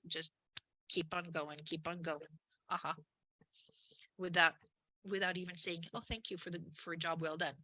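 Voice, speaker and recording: A woman coaching realtors in an upbeat, chatty way, full of little asides and self-corrections. Her voice is bright and forceful, and it sounds dry and close with no room echo. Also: fairly low pitch. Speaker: business coach. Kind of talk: conversational marketing presentation.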